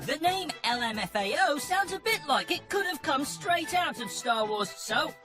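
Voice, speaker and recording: A woman's voice: high-pitched, moderate pace. A woman reading a wry, scripted comedy voice-over. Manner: wry, lively. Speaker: narrator. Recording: voice-over with music behind.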